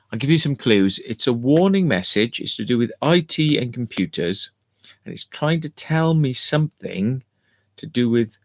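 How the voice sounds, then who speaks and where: A man's voice: mid-range voice, vocal fry, no echo. A man chatting casually on a home livestream, rambling and cheeky as he answers viewer comments and swears now and then.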